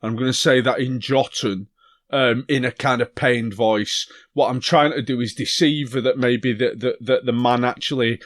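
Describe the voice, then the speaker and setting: A man playing a tabletop game talks through his next move in a casual way, full of ums. His voice sits in a middle pitch, and it is recorded close and dry. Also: fairly even intonation, normal speed, dry recording. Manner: casual, explains his plans with fillers. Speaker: player.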